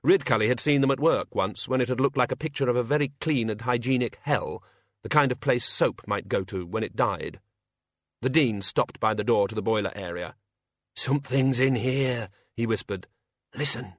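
A man reads an audiobook at an even, measured pace. His middle-pitched voice has a husky edge. The recording is close and dry, with no room sound. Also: dry recording. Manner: measured, voices the characters' dialogue. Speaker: narrator. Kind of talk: audiobook narration.

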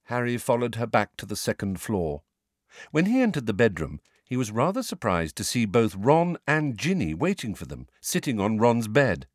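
A man's voice: fairly low pitch, very animated, moderate pace, no room sound, studio quality. A man narrating a story aloud as an audiobook reader, reading with expression.

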